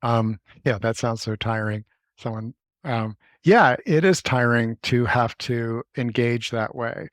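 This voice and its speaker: A man co-hosting a skills workshop, speaking thoughtfully and haltingly in casual talk. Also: medium pitch, no room sound, studio quality. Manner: hesitant, thoughtful, many fillers. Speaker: workshop co-host.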